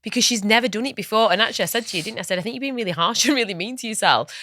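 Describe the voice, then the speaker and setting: An upbeat woman co-hosting a podcast in easy, chatty talk, laughing often. Her voice is bright and forward, and the studio sound is close and dry with no room echo. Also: a little high, very fast. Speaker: podcast co-host. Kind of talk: casual podcast chat. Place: recording studio.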